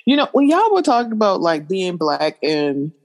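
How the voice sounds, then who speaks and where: A woman chatting over a video call, animated and profane as she tells stories about a TV show. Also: on the low side, moderate pace. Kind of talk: casual chat recapping a TV episode.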